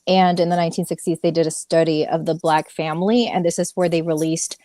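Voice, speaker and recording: A woman's voice: low-pitched, steady tone, fast talker, dark tone, dry recording, clean studio sound. A woman on a panel explaining research with dates and references, reading from her notes. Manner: informative, cites notes and dates. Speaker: panel guest. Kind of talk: casual panel discussion.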